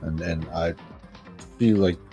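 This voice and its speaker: A man's voice: sits low, steady tone, slow pace, warm tone, soft background music. A man co-hosting a game stream who jokes around in a laid-back way and laughs often. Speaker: voice actor and co-host. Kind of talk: casual banter during a game stream.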